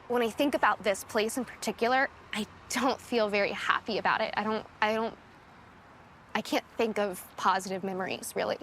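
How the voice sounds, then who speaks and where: A woman's voice: medium pitch, steady tone, normal speed, a bit bright, slight background noise. A young woman giving an emotional personal testimony, speaking hesitantly and nervously. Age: young adult. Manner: hesitant, shaky, with nervous laughs. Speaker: interviewee.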